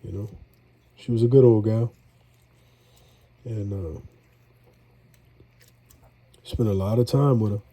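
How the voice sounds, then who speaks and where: A man's voice: on the low side, slow, long pauses, mellow. A middle-aged man, congested, chatting in a rambling, folksy way as he cooks for a vlog. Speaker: home cook. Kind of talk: casual cooking vlog.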